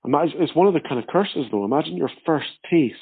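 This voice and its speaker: A man's voice: a little high, expressive, quick pace, gravelly, breathy edge. A man chatting as a podcast guest, teasing and dry-witted. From Scotland. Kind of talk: casual chat. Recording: tinny phone-like line.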